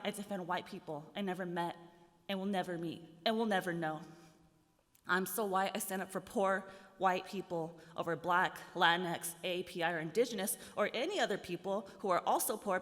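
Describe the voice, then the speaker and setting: A woman's voice: medium pitch, fairly bright tone. A woman poet giving a live reading of her work, with a rhythmic, sardonic delivery that builds in intensity. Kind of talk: poetry reading to a live audience. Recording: long hall reverb.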